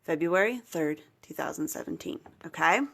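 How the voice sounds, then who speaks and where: A woman's voice: low-pitched, normal speed, gravelly, fairly bright tone. Earnest woman vlogging to moms. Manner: earnest and encouraging, speaks straight to the viewer. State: choked up with emotion at times. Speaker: certified mentor speaking to moms. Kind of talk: motivational vlog talk to camera.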